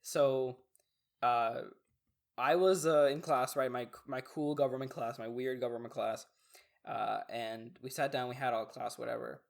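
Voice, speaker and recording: Telling a story on a casual podcast chat, a young male co-host rambles loosely, using plenty of fillers and restarts. His gravelly voice is medium in pitch, steady in tone, and measured in pace.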